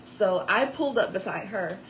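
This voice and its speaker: Chatty woman telling her faith story, lots of um and like, middle pitch. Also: lively intonation, moderate pace, fairly bright tone, slight background noise, low-quality recording. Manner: chatty, many fillers and asides. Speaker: author giving a testimony. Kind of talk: personal testimony storytelling.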